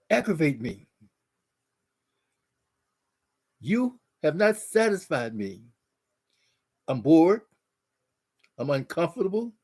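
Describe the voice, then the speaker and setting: A man's voice: high voice, a little mellow, heavily acted. A man speaking as his fed-up, middle-aged wife, listing her grievances in his own voice. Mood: frustrated.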